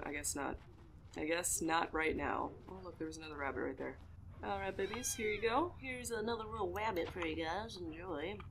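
A woman giving casual, excitable let's-play commentary as she plays, cooing over cute animals. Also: deep voice, background noise. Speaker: gaming video creator. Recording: game music playing behind.

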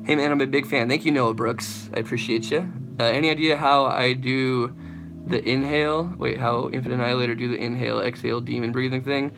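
A man's voice: mid-range voice, steady tone, brisk, vocal fry, music in the background. A young man, a vocalist, chatting loosely and swearing while he answers live chat questions about singing. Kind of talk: casual livestream Q&A.

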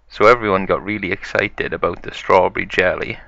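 A man narrating a story acted out with toys, in a slow, gravelly way. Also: deep voice, steady tone, fairly bright tone, dry recording. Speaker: toy video narrator. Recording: dull lo-fi sound.

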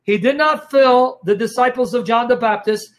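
A man's voice: very high-pitched, normal speed. A man teaching the Bible in a sermon style, emphatic and repetitive, often telling listeners to watch and asking if they follow, his throat strained by coughing.

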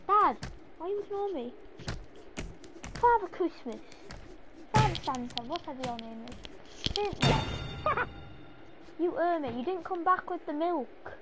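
A very high-pitched woman rambles slowly through silly jokes while she plays a video game. Loud game music runs behind her voice. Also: lively intonation, low-quality recording. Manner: silly, rambling, joking to herself. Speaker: gamer. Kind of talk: casual gameplay commentary.

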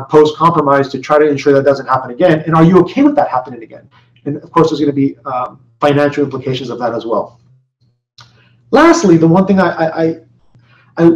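A man's voice: fairly high pitch, far from the mic. Man presenting a webinar in a roomy, dull recording. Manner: conversational, many fillers and restarts, rhetorical questions. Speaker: company executive presenting a webinar.

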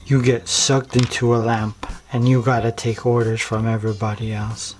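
A man's voice: mid-range voice, little pitch movement, moderate pace, a little hiss or hum. A man vlogger telling a story in casual, comic, slangy rambling. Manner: slangy, rambling, full of likes.

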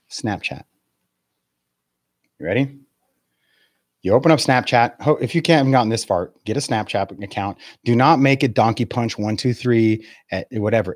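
A man's voice: on the low side, darkish tone, no room sound, studio quality. A man in his forties, a real estate coach giving a live video webinar in a blunt, profane, laughing rant. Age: 40s.

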